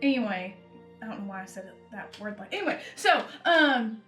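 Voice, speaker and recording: Young female player, high pitch, rambling in-character storyteller; echoey room, soft music under. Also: animated, fairly quick. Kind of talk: in-character tabletop chat.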